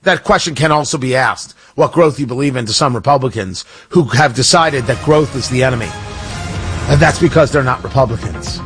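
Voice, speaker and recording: A man's voice: mid-range voice, brisk, slightly rough, faint music behind. A man hosting a talk radio show, giving opinionated commentary with sarcastic asides. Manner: sarcastic, animated, rambling asides. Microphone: studio microphone.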